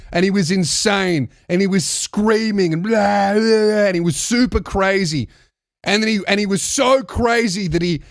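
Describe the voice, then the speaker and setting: A man's voice: high voice, no room sound, clean studio sound. A man who hosts a podcast, telling a comedic story in a heated, profane way with frequent restarts. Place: podcast studio.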